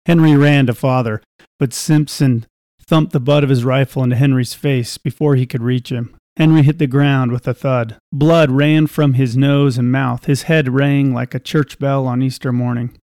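A man reading a scripted story aloud in a measured, even way. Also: mid-range voice, dry recording, studio quality.

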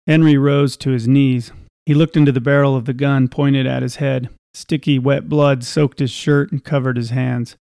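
A man reading a scripted story aloud in a measured, even way. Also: mid-range voice, vocal fry, no echo, clean studio sound.

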